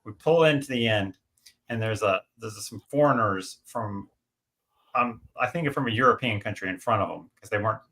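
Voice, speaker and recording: A middle-aged man telling stories in a casual livestream chat. His voice is bright and gravelly. He talks animatedly and packs in plenty of fillers and restarts. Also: lowish voice, normal speed. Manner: chatty, animated storyteller, many fillers and restarts. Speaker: guest on a livestream.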